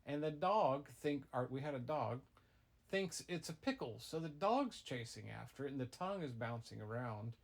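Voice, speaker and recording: A middle-aged man, a father improvising a goofy tall tale for his child, rambling with deadpan asides. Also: medium pitch, normal speed, gravelly. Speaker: father telling a bedtime-style story.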